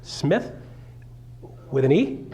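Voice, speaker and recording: A man's voice: fairly high pitch, very animated, very slow, mellow. A middle-aged man coaching a live seminar, joking and acting out the voices of clients as he goes. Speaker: real estate coach.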